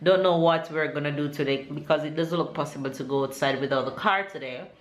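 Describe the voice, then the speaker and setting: At home indoors, a woman who is a vlogger and mother chats casually with her audience in a Jamaican accent, sounding upbeat and motivating and laughing often. She has a deep voice, talks fast, and the recording carries a roomy echo.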